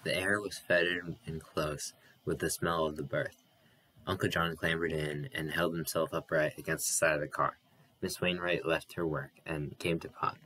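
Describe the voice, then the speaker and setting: A man reading a novel aloud as an audiobook narrator, steady and even, with an occasional slip and restart. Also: rumbling low, a little hiss or hum, low-quality recording.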